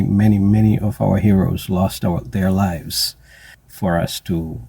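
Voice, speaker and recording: Man, very deep, gravelly, slow and deliberate, dry close sound. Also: mellow, dry recording. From South Africa. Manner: slow, deliberate, with drawn-out mocking asides. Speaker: commentator. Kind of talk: spoken social commentary monologue.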